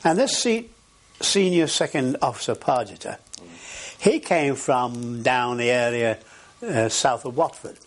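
A man's voice: mid-range voice, lively intonation, a little slow. Older man telling a wartime story. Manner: rambling storytelling with many fillers. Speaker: interviewee. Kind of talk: oral history interview.

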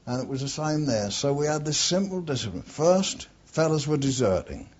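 A man's voice: fairly high pitch, animated, moderate pace, darkish tone. Blunt older Englishman telling old stories. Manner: blunt storyteller with frequent swearing, drifts off topic. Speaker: interviewee, war veteran. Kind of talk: oral history reminiscence. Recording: dull lo-fi archive tape.

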